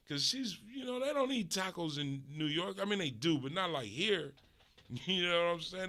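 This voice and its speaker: Middle aged LA guy ranting a funny story, swears a lot, bright punchy voice, loud then quiet. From Los Angeles. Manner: animated, profane, swings in pitch and volume. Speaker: stream host.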